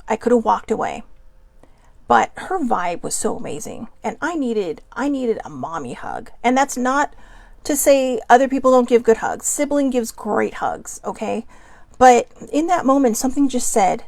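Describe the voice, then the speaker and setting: Earnest woman with a gravelly voice. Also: a little high, expressive, brisk, a little mellow, dry recording. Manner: earnest and heartfelt, tender at times. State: holding back tears. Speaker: host. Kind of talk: personal vlog monologue.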